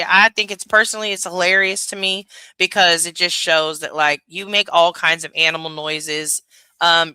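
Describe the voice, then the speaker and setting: A woman's voice: fairly high pitch, no room sound. A woman hosting a casual reaction commentary, talking bluntly with plenty of swearing. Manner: blunt, profane, laughing, animated. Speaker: commentary channel host.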